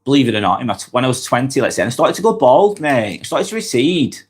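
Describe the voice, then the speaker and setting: Lancashire man with a cold, lively pitch. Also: quick pace. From Lancashire, northwest England. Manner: chatty, reads out comments and answers them directly. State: has a cold. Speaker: live-stream vlog host. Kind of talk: casual live-stream chat reading viewer comments.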